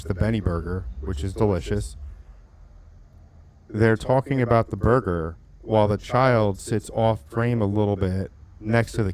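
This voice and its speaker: A man co-hosting a podcast, telling animated stories and acting out quotes in casual chat. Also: lowish voice, no room sound. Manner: animated storytelling, swears, acts out quotes. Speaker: podcast co-host.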